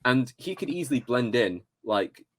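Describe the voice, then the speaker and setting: A man with an English accent, co-hosting a casual film discussion in an animated, emphatic way. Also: mid-range voice, normal speed, no room sound, studio quality. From England.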